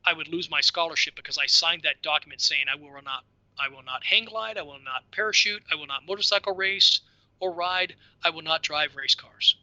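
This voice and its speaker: Middle-aged guy on a podcast telling stories, laughs at himself, bright pushy voice, kinda muffled dry audio. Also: a little high, fairly quick, dry recording. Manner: lively, laughing, self-deprecating storyteller. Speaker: podcast guest. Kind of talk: casual storytelling.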